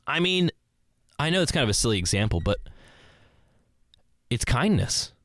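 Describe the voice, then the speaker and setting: Man, podcast host, rambling and self-correcting, animated voice, dead-dry recording. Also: medium pitch, normal speed, no echo. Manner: rambling, self-correcting, acts out both sides of a conversation. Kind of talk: solo reflective monologue.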